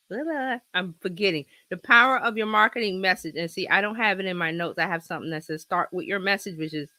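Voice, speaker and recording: Her medium-pitched voice sounds pushed and bright, with no room sound, as she hosts a casual livestream from her home office on a laptop with an external mic. Chatty, rambling and quick to laugh, she has a slight cold in her throat.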